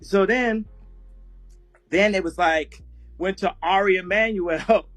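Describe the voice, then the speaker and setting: A man's voice: high voice, takes it slowly, fairly bright tone, faint music behind. A man telling a story in a casual live chat, often breaking into laughter as he talks. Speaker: guest speaker on an audio chat room.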